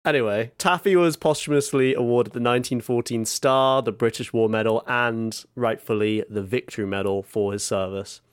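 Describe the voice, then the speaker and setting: A man's voice: mid-range voice, moderate pace, few pauses, clear, resonant tone, dry recording, clean studio sound. Mock-grand storytelling podcast man. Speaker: co-host. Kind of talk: comic podcast chat.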